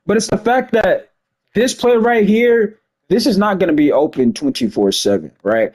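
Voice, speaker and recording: A man giving a casual, emphatic breakdown of a basketball game replay, talking fast and checking in with his viewers as he goes. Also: high voice, animated, darkish tone. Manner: fast-talking, emphatic, keeps asking "you see what I'm saying". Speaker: gaming video commentator.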